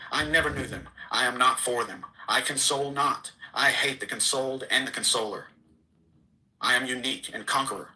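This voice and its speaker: A man's voice: medium pitch, sharp tone, rough recording. A man giving a solemn, declamatory reading of an archaic scriptural text. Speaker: reader.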